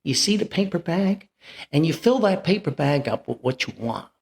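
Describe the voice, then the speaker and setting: A sly middle-aged peddler, selling from his car trunk, as a man puts him on. The voice is pushed up high and gravelly, swooping through a wheedling salesman's patter. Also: very animated, moderate pace. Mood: salesy.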